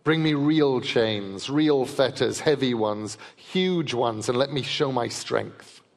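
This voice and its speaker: A man's voice: medium pitch, animated, slow pace, creaky. A man reading aloud and voicing a huge, proud male wolf who is suspicious and scornful, speaking in a growling, defiant way. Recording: long reverb of a large festival hall.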